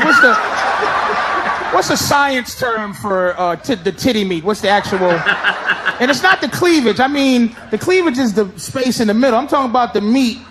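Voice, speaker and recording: A middle-aged man doing stand-up crowd work, loud, brash and profane as he teases the audience on a live stage. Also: very high-pitched. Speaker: stand-up comedian. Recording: live show with crowd laughter and noise.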